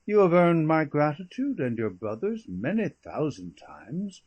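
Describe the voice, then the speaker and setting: A man reading an audiobook, voicing a mild, gentle old lord with an earnest, kindly manner and a husky voice. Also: on the high side, very animated, a little slow, dull audio, voice pushed up. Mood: stern.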